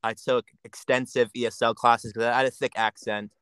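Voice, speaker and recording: A young man from Jamaica talks casually as a podcast guest, thinking aloud and circling back over his words. His voice sits at an ordinary middle pitch. The sound is dry and close, with no room around it. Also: flat delivery, a little fast, a bit bright, smooth, no room sound. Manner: reflective, many restarts and repeated words. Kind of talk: casual chat.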